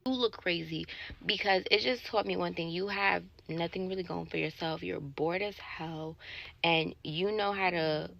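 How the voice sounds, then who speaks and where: Gravelly woman telling an indignant story. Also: on the low side, moderate pace. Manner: animated, indignant, swearing, acts out dialogue. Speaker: sales associate telling a dating story. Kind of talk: casual storytelling to camera.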